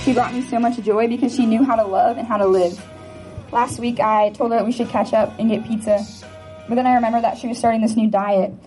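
A woman's voice: fairly high pitch, fairly even intonation, fairly quick, dark tone, soft background music, poor audio. A woman giving a prepared memorial tribute, earnest and rhythmic, repeating phrases. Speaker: memorial speaker, friend.

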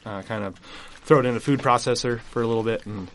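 A man, a chef guest on a radio show, calmly explaining how a dish is made, with plenty of fillers. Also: mid-range voice, a little hiss or hum. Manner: unhurried, walks through steps with fillers. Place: radio studio.

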